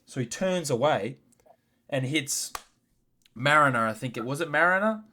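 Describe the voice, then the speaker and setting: A man co-hosting a casual sports podcast, fired up and swearing as he rants, swinging between loud and quiet. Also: fairly high pitch, animated, normal speed. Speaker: podcast co-host.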